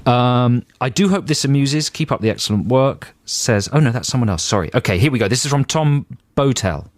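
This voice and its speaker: Animated man on radio. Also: medium pitch, a little fast, no room sound, clean studio sound. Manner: jokey, excitable, self-mocking. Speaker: radio co-host. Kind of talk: playful radio banter, reading listener jokes. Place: radio studio.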